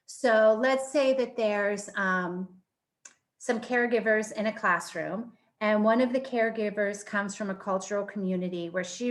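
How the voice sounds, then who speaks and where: A woman's voice: medium pitch, normal speed. Middle-aged woman prof on a video call webinar, super enthusiastic, lots of ums. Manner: enthusiastic, frequent um fillers. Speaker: professor. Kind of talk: webinar presentation.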